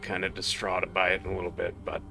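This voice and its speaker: A man playing a tabletop game, talking casually and relaxed. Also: sits low, fairly quick, gravelly, music in the background. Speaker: player.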